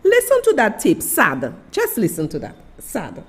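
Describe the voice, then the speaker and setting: A woman's voice: mid-range voice, huge pitch swings, measured pace, husky. A woman from Saint Lucia with a Saint Lucian accent, hosting a live-stream commentary and speaking emphatically, addressing her listeners and officials directly. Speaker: livestream host.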